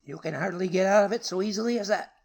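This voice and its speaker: A man's voice: brisk, lightly acted. A man voicing an irascible elderly professor in an audiobook, stiff, cold and suspicious. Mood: screaming rage. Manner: stiff and haughty, rising to high screaming rage. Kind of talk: audiobook character reading.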